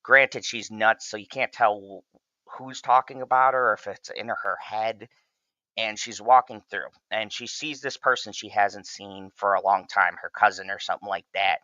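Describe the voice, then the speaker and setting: A man's voice: fairly low pitch, steady tone, moderate pace, bright, forceful tone, dry recording, lo-fi sound. A man casually recapping a crime drama episode in a loose, profane review. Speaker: show reviewer.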